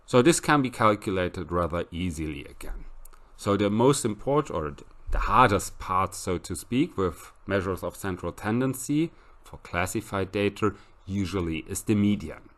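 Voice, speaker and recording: Male professor, fairly low and expressive, walks through sums methodically. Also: moderate pace. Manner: explains step by step, reads out calculations. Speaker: statistics lecturer. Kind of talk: recorded lecture.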